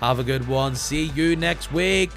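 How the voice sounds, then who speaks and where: A man's voice: mid-range voice, a little slow, over music. A man hosting a podcast, chatting casually and playfully as he signs off. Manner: chatty, lively sign-off with playful asides. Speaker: podcast host.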